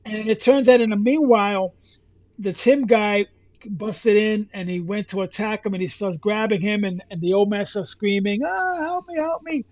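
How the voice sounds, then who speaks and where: A man co-hosting a podcast, retelling a comic story in a casual, halting way with many restarts. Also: high voice, steady tone, darkish tone, no echo, highs cut off. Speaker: podcast co-host.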